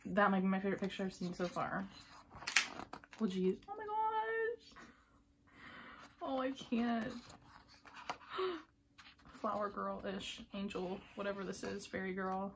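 A woman's voice: mid-range voice, moderate pace, background noise. Gushing woman unboxing, slipping into whispers. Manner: gushing, excitable, drops into breathy whispers. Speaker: vlogger unboxing a photobook. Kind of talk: casual unboxing commentary.

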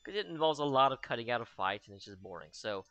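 A man's voice: mid-range voice, animated, quick pace, fairly bright tone, no room sound. A young man giving casual, joking commentary over his own gameplay, full of sarcastic asides. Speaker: let's play host.

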